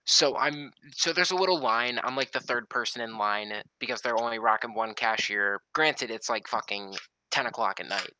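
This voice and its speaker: A man's voice: mid-range voice, normal speed, pushed and bright, no echo, low-quality recording. A young man telling a story in casual, heavily profane talk. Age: young adult.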